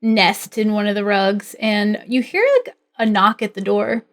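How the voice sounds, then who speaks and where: A woman's voice: mid-range voice, level tone, a little slow. A woman running a tabletop role-playing game as game master, narrating scenes in a chatty way with many filler words.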